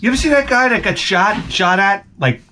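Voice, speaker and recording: A man telling a comedic story in an animated rant, swearing and stammering through restarts. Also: high-pitched, a little fast, noisy background. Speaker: comedic vlogger.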